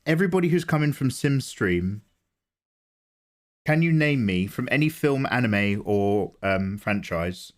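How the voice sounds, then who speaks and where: A man from England hosting a casual live art stream, greeting viewers and joking around with a sleepy, low-energy manner. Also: lively intonation, unhurried. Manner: chatty, greets viewers, self-deprecating jokes. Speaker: livestream host, illustrator. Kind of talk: casual livestream chat.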